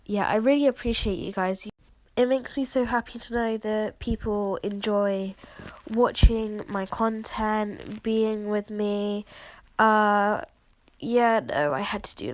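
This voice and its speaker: A woman's voice: mid-range voice, slow, no echo. A sick, congested woman with a cough, chatting casually and apologetically as she walks viewers through her video editing. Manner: chatty and apologetic, lots of fillers. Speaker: video creator showing her editing process. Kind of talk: casual screen-recording walkthrough.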